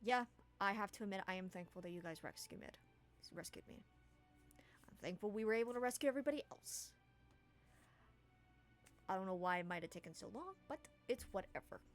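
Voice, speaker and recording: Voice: medium pitch, fairly quick, long pauses, a bit bright, soft background music, natural voice. Woman doing a sarcastic swamp dweller. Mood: grudging. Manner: mocking, antagonizing.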